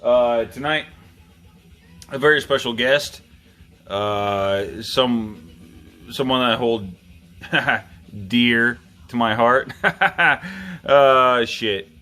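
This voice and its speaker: A man's voice: mid-range voice, extremely slow, long pauses, sharp tone, soft background music. A tipsy man hosting a knife review vlog, rambling casually with plenty of swearing and self-mocking jokes.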